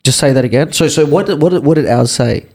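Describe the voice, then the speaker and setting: A man's voice: a little high, fast talker, darkish tone, soft background music. A man co-hosting a podcast, joking and teasing his friends and swearing freely. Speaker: podcast co-host. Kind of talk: casual chat.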